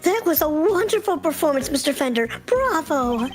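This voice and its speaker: High, cheerful hostess, voiced by a woman. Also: big pitch swings, normal speed, faint music behind. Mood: welcoming. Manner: bright, welcoming hostess. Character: cheerful adult female TV cooking host and housekeeper.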